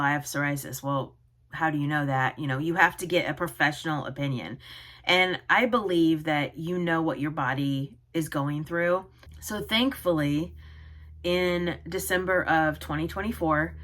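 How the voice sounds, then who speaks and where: A woman in her forties vlogging to camera, talking in an earnest, halting way with many pauses. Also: low-pitched, fairly bright tone. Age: 40s. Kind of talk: personal vlog talk to camera.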